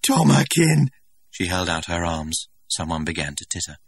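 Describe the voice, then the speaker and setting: A man narrating an audiobook in a measured, dramatic reading. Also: sits low, little pitch movement, bright, forceful tone, dry recording.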